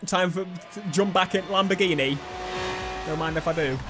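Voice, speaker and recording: High-voiced cheeky man over game music. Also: normal speed. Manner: cheeky, sweary, excitable. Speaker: gaming YouTuber. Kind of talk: casual gameplay commentary. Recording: game music playing underneath.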